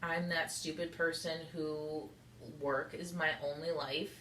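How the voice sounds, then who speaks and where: Young woman, confessional vlog, rambling and candid, bright tone, echoey room. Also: low voice, level tone, slow, a little hiss or hum. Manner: rambling, candid, heavy use of "like". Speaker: vlogger.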